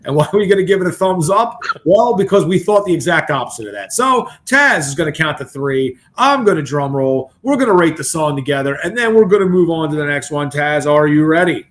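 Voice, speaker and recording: Male reaction co-host, slightly high voice, casual and rambling, thinks out loud. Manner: rambling, thinks aloud with many restarts. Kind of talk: casual chat reacting to a song.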